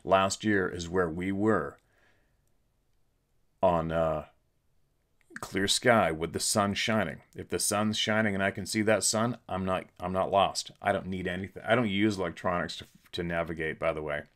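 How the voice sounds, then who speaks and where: A man's voice: low voice, fairly even intonation, moderate pace, a bit bright. A middle-aged man hosting a podcast, telling a story in a blunt, emphatic, repetitive way. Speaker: podcast host. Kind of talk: casual storytelling monologue.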